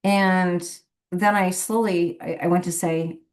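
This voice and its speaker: A woman's voice: fairly low pitch, fairly even intonation, a little slow. A woman who works as a medium, telling a rambling story in a casual, chatty way and laughing often between phrases. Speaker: professional medium.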